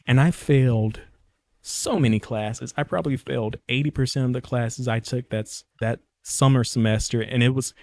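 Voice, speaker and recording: A young man talks through his own podcast in a loose, joking monologue. He drifts between thoughts and corrects himself partway through sentences. His voice sits at an ordinary middle pitch, and the sound is close and dry with no room echo. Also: moderate pace, vocal fry, darkish tone. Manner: rambling, jokey, often corrects himself mid-sentence. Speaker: podcast host. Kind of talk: casual solo podcast monologue.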